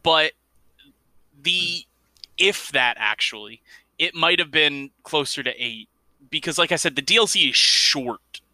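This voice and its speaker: Very bright-voiced podcast co-host. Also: male voice, a little high, animated, unhurried, long pauses, no echo. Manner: rambling, corrects himself mid-thought. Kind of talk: casual gaming podcast chat.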